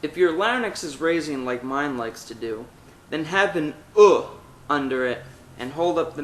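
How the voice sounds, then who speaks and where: A man's voice: on the high side, lively intonation, a little slow, echoey room, a little hiss or hum, rough recording. A man teaching a vocal technique lesson, talking through exercises step by step. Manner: demonstrates exercises with loud sung vowels and meows. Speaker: singing teacher.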